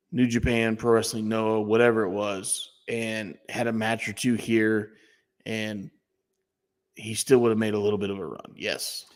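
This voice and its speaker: A man co-hosting a wrestling podcast, talking bluntly and swearing freely in casual chat. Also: lowish voice. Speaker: podcast co-host. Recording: long echoey reverb.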